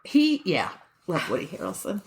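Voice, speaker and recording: A woman co-hosting a podcast, reacting to her partner's story with quick quips and laughter. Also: fairly low pitch, wildly swooping pitch. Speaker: podcast co-host. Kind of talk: casual podcast chat.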